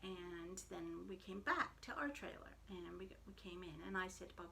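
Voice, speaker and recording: Gravelly-voiced woman telling a story. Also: lowish voice, moderate pace, a little hiss or hum. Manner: animated storyteller, acts out quoted voices. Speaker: knitting podcast host. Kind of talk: casual storytelling.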